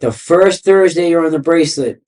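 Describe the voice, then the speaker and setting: A man's voice: a little high, normal speed, darkish tone. A man, a podcast guest telling his story in a rambling, profane way, full of "like" and "you know.". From Boston area. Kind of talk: casual interview storytelling.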